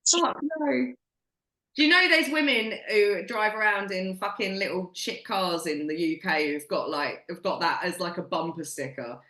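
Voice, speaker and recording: A woman's voice: lowish voice, normal speed, bright, forceful tone, reverberant. A woman co-hosting a podcast in casual chat, blunt and swearing freely as she tells stories. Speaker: podcast co-host.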